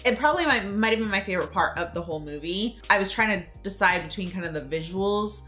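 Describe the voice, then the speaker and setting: A woman's voice: medium pitch, lively intonation, fast talker, pushed and bright, soft background music. A woman co-hosting a movie reaction, chatting casually, agreeable and thoughtful, backing her partner with short yeahs. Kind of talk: casual chat.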